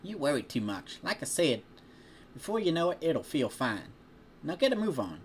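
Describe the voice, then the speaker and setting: A man's voice: on the high side, big pitch swings, moderate pace, slight background noise, voice pushed up. A man voicing a friendly young woman who sells apples at a farm stall, reading from a storybook. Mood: friendly teasing. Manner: raised, perky delivery without the intended twang.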